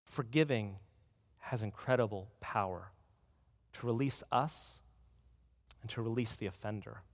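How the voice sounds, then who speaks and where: A man preaching a sermon as pastor, earnest, telling a story and slowing down to stress key words. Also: lowish voice. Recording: reverberant hall.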